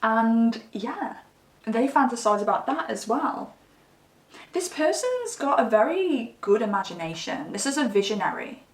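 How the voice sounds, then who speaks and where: A woman's voice: fairly high pitch, big pitch swings, measured pace, a little hiss or hum. A woman giving a casual tarot reading, chatty and giggly, often breaking into laughter. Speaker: tarot reader. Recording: echoey room, mic at a distance.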